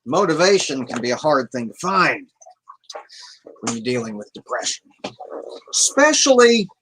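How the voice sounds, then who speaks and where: A man chatting on a casual livestream, rambling loosely and reading out messages from chat. His voice is bright and forward, and he swears in an offhand way. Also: medium pitch, very animated, moderate pace, a little hiss or hum, rough recording. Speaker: livestream host.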